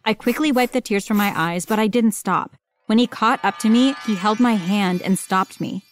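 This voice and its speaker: A woman reading a first-person story aloud as a storyteller, in an expressive, dramatic way. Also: mid-range voice, normal speed, faint music behind. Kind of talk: scripted first-person narration.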